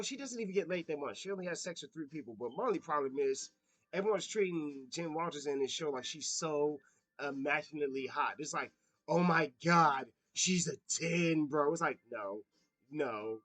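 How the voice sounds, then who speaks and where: A man's voice: high voice, no room sound, rough recording. A man talking through a casual, profane rant and laughing at his own slips. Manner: animated, profane, laughs at himself. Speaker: commentator.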